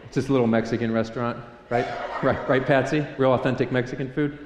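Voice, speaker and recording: Storytelling pastor in an echoing church hall. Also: male voice, mid-range voice, fast, background noise. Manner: storytelling, animated, acts out voices in quotes. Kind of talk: sermon. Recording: echoey hall reverb.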